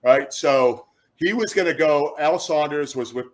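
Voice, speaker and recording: A man in his fifties from Chicago, a former football player, telling lively anecdotes as an interview guest and acting out other people's words. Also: a little high, measured pace. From Chicago, USA. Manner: animated storyteller who acts out quotes, with frequent restarts.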